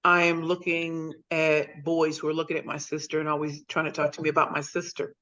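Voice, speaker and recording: A deep-voiced woman in her forties from St. Louis, USA, speaks briskly with a flat delivery and a slightly bright tone. As a guest on a video call she tells her life story to motivate listeners, repeating phrases emphatically, over lo-fi sound.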